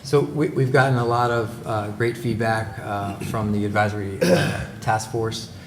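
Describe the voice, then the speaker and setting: A man's voice: on the low side, moderate pace. A man giving a formal presentation at a public meeting, hesitant, with many fillers and restarts, on a table microphone in an echoey meeting room with background noise. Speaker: presenter for a company's supplier outreach.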